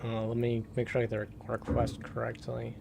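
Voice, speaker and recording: A man's voice: medium pitch, completely flat delivery, brisk, gravelly, noisy background. A man streaming a horror game, muttering casual commentary and tossing sarcastic asides to the game and his chat. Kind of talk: casual let's-play commentary.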